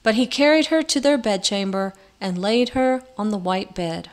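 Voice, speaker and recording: Expressive woman reading a storybook. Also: mid-range voice, moderate pace, few pauses. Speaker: narrator.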